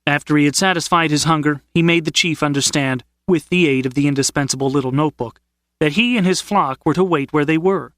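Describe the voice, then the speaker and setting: Man narrating an audiobook, slightly high. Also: no room sound. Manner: measured, steady storytelling. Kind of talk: scripted narration.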